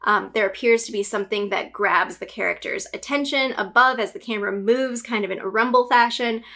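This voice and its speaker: Bright-voiced chatty woman. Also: mid-range voice, brisk, creaky. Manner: chatty, with frequent fillers and giggles; enthusiastic fan. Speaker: gaming news channel host. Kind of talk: casual recap commentary.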